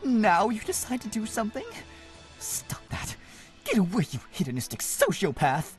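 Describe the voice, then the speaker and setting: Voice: mid-range voice, wildly swooping pitch, normal speed, soft background music. A streamer reading a fantasy game story aloud live, reacting with frequent laughter and emotion.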